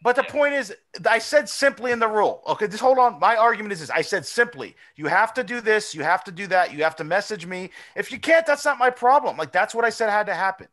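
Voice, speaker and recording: High bright-voiced guy hosting a podcast, rambling and cussing a lot. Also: fast talker, few pauses. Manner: animated, rambling, profane. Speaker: podcast host. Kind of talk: casual chat.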